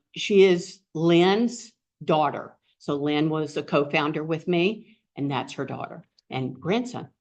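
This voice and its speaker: A woman hosting a group meeting, introducing the guest speaker in a rambling, heartfelt way with many fillers. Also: low voice. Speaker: meeting host and co-founder. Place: meeting room with an audience. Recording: dull lo-fi recording.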